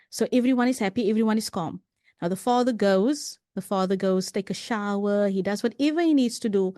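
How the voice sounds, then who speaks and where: A woman's voice: mid-range voice, brisk, warm tone, dry recording, studio quality. A woman guest on a podcast, telling stories earnestly in a casual conversation, often adding "you know" and restarting her sentences.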